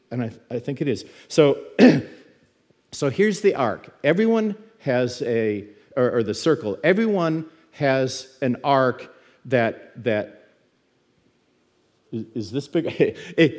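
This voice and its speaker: A man's voice: medium pitch, a little mellow. Middle-aged male church teacher, mid-range voice, chatty stories, trips over his own words. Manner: storytelling, frequent stammered restarts and repeated words. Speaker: guest teacher in a church service. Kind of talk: conversational sermon teaching.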